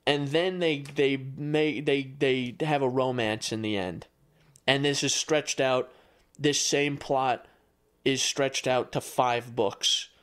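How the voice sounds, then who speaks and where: A man's voice: medium pitch, fairly even intonation, takes it slowly, a bit bright, smooth. A man co-hosting a podcast in casual chat, ranting with dry exasperation and casual swearing. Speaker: podcast co-host.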